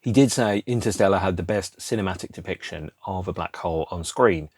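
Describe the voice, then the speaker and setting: Low-voiced man musing aloud. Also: fairly quick, darkish tone, breathy edge, dry recording. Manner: rambling, digressive, musing aloud. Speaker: podcast host. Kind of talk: casual solo chat.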